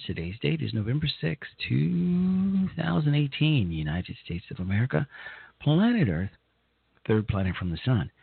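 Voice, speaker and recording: A man hosting a live political talk radio show, halting and repeating himself as he talks, nervous throughout. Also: medium pitch, very animated, creaky, breathy edge, no room sound. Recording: tinny phone-like line.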